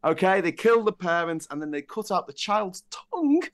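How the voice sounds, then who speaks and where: A man co-hosting a casual political podcast, telling stories with dark humor. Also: sits high, moderate pace. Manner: animated storyteller, dark humor. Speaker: podcast co-host.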